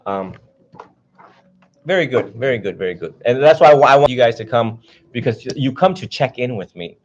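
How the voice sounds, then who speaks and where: A man's voice: medium pitch, expressive, moderate pace, darkish tone, a little hiss or hum. A man giving an informal dharma talk as a Buddhist teacher, chatty and self-mocking, laughing often and acting out little voices. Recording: dull lo-fi recording.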